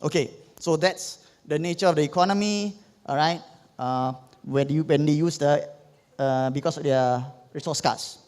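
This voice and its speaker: An economics tutor with a Singaporean English accent gives a revision lecture, explaining step by step and adding "okay?" after most points. His voice is on the high side with a darkish tone at a moderate pace. The recording has a long hall reverb.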